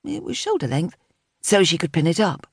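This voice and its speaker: A woman narrates a contemporary novel in a steady, measured voice. Her pitch sits low for a woman. The recording is dry and close, with no room sound. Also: vocal fry, slightly rough, dry recording. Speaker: audiobook narrator. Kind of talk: scripted narration.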